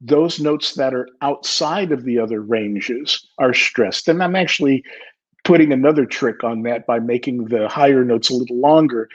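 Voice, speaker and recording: Older man lecturing on percussion, husky. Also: mid-range voice, moderate pace. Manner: explanatory, sings rhythm syllables to demonstrate. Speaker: percussion educator giving a clinic. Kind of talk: online music clinic lecture. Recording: slightly muffled lo-fi audio.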